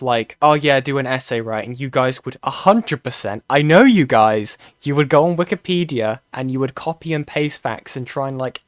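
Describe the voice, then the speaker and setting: A man's voice: medium pitch, dry recording, clean studio sound. A young British man streaming reaction commentary, rambling and swearing, full of fillers and restarts.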